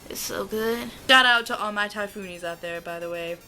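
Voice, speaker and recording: Over soft background music, a young woman from the United States raves about the foods she loves in a casual vlog, stretching her words out eagerly. She speaks at medium pitch with a bright, forceful tone, and the recording is rough.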